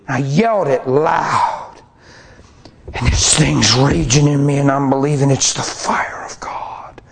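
Impassioned preacher, hushed then shouting. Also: male voice, on the high side, animated, slow, gravelly, noisy background. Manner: passionate, swings from hushed to loud. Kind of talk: sermon testimony.

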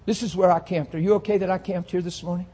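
A male pastor preaching a sermon, forceful and confrontational, often breaking into shouts. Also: high-pitched, fairly even intonation, fast talker, husky.

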